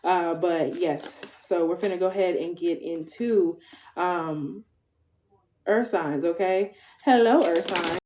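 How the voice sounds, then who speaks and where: A woman's voice: fairly low pitch, slow pace, a little mellow, a little hiss or hum. A woman in her twenties giving a casual tarot reading to viewers, chatty, swearing freely and tagging most lines with "okay?". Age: 20s. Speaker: tarot reader.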